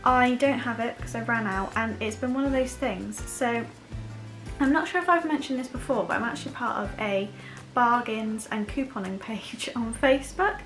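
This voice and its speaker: A young woman chatting to camera about her favourite products, rambling with quick self-deprecating asides. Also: on the high side, a bit bright, soft background music. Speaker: beauty vlogger. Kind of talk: casual chat to camera.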